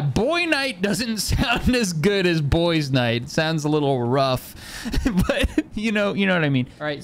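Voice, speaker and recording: A young man streaming a video game live, joking, laughing often and reacting loudly to the story. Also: on the high side, a little hiss or hum. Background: game audio and music.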